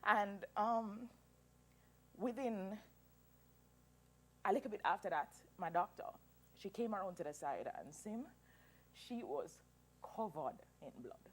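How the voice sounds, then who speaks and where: A woman in her thirties telling a personal story as an interview guest, animated and emotional, laughing through tears. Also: mid-range voice, slow pace, pauses often. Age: 30s.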